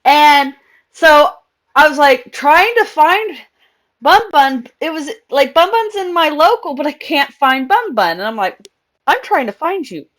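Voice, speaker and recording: A young woman with a high voice talks casually to her live stream audience while she plays. She rambles, restarts her sentences and breaks into laughter often. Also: animated, a little slow, fairly bright tone.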